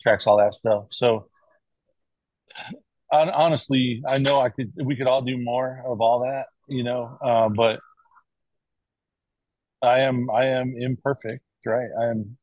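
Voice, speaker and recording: A man's voice: mid-range voice, fairly even intonation, slow pace, long pauses, a little mellow, no room sound, low-quality recording. A middle-aged American man speaking as an interview guest, talking casually and rambling, with frequent restarts and tag questions. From United States. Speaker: guest, cardiac arrest survivor.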